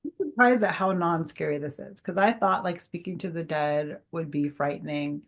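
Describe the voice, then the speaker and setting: A woman's voice: deep voice, moderate pace. A woman guest telling her story in a casual interview, chatty and full of fillers. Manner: chatty, acts out quoted dialogue, many fillers.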